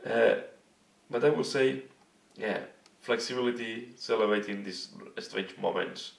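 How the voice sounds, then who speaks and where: A hoarse man hosting a hobby video channel, talking casually and earnestly to camera and searching for his words. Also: on the low side, measured pace. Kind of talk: casual vlog talk to camera. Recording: echoey room, mic at a distance.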